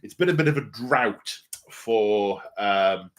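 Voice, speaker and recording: A man's voice: lowish voice, lively intonation, takes it slowly. Rambling man hosting a stream. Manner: rambling, self-mocking, many fillers. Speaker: hobby channel host. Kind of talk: casual livestream chat.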